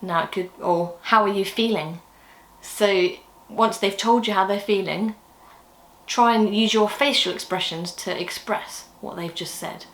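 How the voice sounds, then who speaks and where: A woman's voice: mid-range voice, a little slow, fairly bright tone, echoey room. A woman giving a friendly, chatty puppetry training talk for a children's ministry video. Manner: friendly, encouraging, chatty with laughs.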